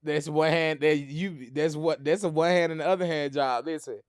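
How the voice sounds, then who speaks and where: A man's voice: fairly high pitch, steady tone, normal speed, smooth, dry recording, studio quality. A man hosting a casual chat show, joking and teasing his co-host. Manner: playful, teasing banter.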